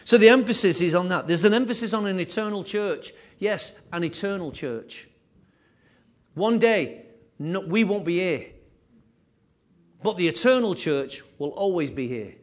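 A man preaching a sermon with emphatic, repetitive phrasing, his voice rising and falling in loudness. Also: high-pitched, animated, unhurried. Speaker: pastor.

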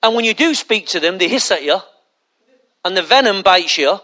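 A man's voice: sits high, lively intonation, moderate pace, pushed and bright. A male pastor preaching a conversational sermon full of rhetorical questions and mocking asides.

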